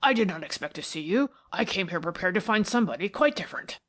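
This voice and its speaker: A big, frightened man from an audiobook, acted by a woman. His voice is hoarse and he stammers nervously, and his tone sounds unlike the narrator's usual one. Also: fairly low pitch, animated, fast talker, a bit bright.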